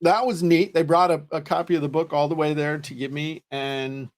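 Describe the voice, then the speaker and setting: Male co-host, a little high-pitched, easygoing joker telling anecdotes. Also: fairly even intonation, normal speed. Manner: joking storyteller, self-deprecating. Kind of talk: casual chat.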